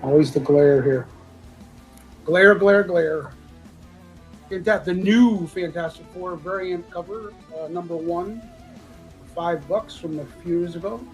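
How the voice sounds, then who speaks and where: A man with a fairly high voice calls out comic books and prices in a loose, joking live-auction patter. He sounds congested from a sinus infection and keeps clearing his throat. Faint guitar music plays behind him. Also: moderate pace, dark tone, poor audio. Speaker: auction seller.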